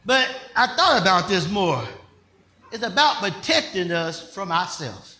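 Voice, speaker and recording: An older man, a pastor, preaching in a conversational style with call-and-response questions, rising at times to shouts. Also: high-pitched, sing-song, a little slow, roomy sound, a little hiss or hum. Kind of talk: sermon.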